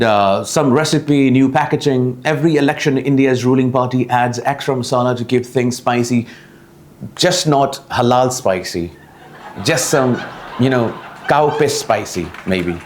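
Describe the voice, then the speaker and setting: A young Pakistani man with a Pakistani English accent hosting a satirical news show, mocking each story and laughing through his own jokes. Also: mid-range voice. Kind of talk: satirical news comedy monologue. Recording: roomy, echoey room.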